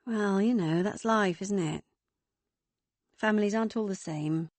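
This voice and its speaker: Dry, steady woman narrating a novel. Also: medium pitch, a little slow, no room sound. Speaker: audiobook narrator. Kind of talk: scripted narration.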